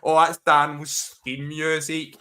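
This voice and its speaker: A man's voice: fairly high pitch, little pitch movement, slow pace, bright, forceful tone. A man teasing and laughing often in casual banter on a live stream, over a video call. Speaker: co-host.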